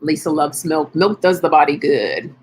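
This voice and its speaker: With a deep, darkish, expressive voice at a moderate pace, a middle-aged live stream host leads a laid-back wellness chat over slight background noise. She cheers viewers on and thinks out loud while answering them.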